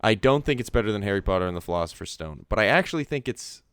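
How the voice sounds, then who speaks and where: A man's voice: fairly low pitch, animated, racing, fairly bright tone, clean tone, no echo, clean studio sound. A young man co-hosting a movie podcast, chatting casually and rambling with lots of filler words. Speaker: podcast co-host. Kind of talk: casual chat.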